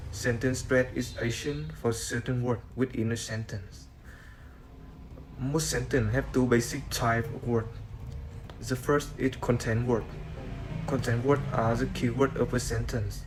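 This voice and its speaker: A man whose first language is Vietnamese, reading a class presentation on sentence stress in a halting way with many "uh" fillers. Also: medium pitch, a little mellow, slight background noise, rough recording. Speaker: student presenter.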